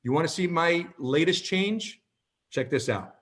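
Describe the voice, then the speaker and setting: A man in his fifties giving a motivational talk, an animated storyteller who keeps checking in with "okay?". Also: fairly high pitch, measured pace. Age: 50s. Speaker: presenter.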